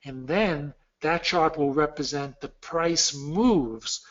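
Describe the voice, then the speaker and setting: A man's voice: a little high, slow pace. A man being interviewed, explaining methodically step by step with examples. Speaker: interview guest explaining futures trading. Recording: dull lo-fi recording.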